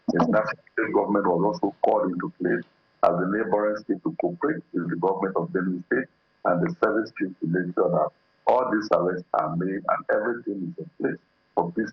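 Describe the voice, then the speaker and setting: Husky deep-voiced Nigerian man, emphatic. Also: no echo, lo-fi sound. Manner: emphatic, repetitive phrasing. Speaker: political analyst guest. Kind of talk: TV panel discussion.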